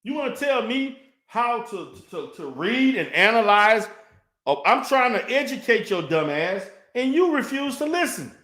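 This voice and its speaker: A man's voice: very high-pitched, big pitch swings, unhurried, a bit bright. A man ranting in a response video, profane and mocking, heated and insulting. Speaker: online commentator. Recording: echoey room.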